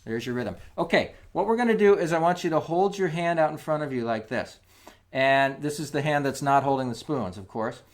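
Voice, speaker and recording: Spoons click in the background as a man teaches music on video, his voice a little high and a little quick. He works through it patiently, step by step, counting beats aloud as he demonstrates.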